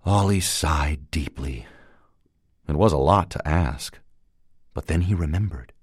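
A man narrating a fairy tale in a lively, expressive way. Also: very deep voice, a little slow, husky, no room sound, studio quality. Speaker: storyteller. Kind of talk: storybook narration.

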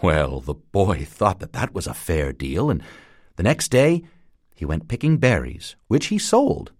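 A man narrating a fairy tale in a lively, expressive way. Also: low-pitched, measured pace, slightly rough, dry recording, clean studio sound. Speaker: storyteller. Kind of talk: storybook narration.

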